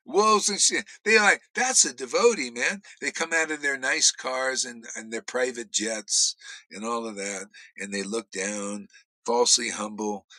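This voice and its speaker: A man teaching on devotion in a blunt, profane, informal rant, swinging between shouts and low muttered asides. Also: a little slow, no room sound, low-quality recording. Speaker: spiritual teacher.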